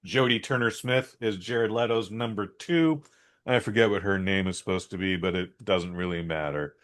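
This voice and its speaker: A man's voice: fairly low pitch, normal speed, fairly bright tone. A man co-hosting a podcast, giving a blunt, rambling and opinionated movie review in a casual chat. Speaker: podcast co-host.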